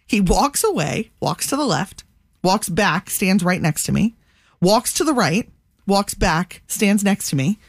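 A woman co-hosting a morning radio show, telling a story in an animated way. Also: medium pitch, unhurried, no room sound, studio quality. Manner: animated storytelling, laughing, acting out voices. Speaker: radio co-host. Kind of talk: casual morning radio banter.

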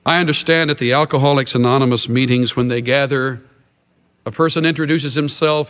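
A man preaching a sermon in a dramatic, emphatic way, slowing down and dropping his voice for emphasis. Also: medium pitch, steady tone. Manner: dramatic and emphatic, with big swings in loudness and pace. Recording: long reverb of a large hall.

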